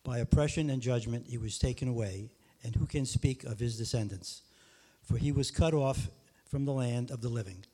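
A man reading a scripture passage aloud in a steady, measured way. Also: medium pitch. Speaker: scripture reader.

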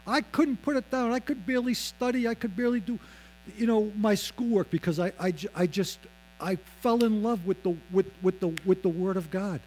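A man in his fifties telling a personal faith testimony, acting out the voices of others and dropping low and slow on solemn lines. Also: darkish tone, low-quality recording. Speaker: speaker giving his testimony.

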